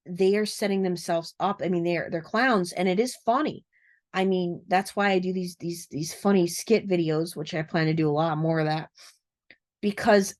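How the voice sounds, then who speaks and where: Earnest, rambling woman vlogging at home. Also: on the low side. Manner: rambling and earnest, with frequent fillers and soft laughs. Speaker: narcissism recovery coach. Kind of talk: casual talking-to-camera vlog. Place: cluttered room at home.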